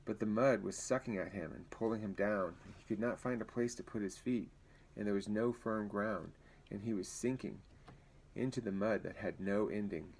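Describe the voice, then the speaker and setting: Guy reading a book out loud, low voice, plain and chatty, trips on words sometimes. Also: normal speed, gravelly, slight background noise, poor audio. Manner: plain, conversational, stumbles over words. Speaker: reader. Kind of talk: reading a novel aloud with casual asides.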